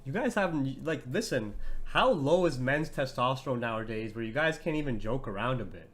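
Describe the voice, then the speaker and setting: A man's voice: mid-range voice, animated, a little fast, a bit bright. A young man hosting a trading livestream, talking to his chat in a brash, profane, mocking way and laughing often.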